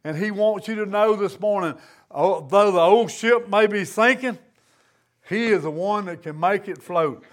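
A man with a high voice preaches a sermon to his congregation. He speaks earnestly in plain, folksy grammar. His delivery rises and falls in a steady preaching cadence. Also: measured pace.

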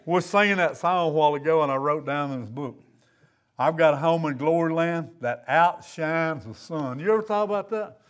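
A man with a high voice preaches a sermon to his congregation. He speaks earnestly in plain, folksy grammar. His delivery rises and falls in a steady preaching cadence. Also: normal speed, clean tone.

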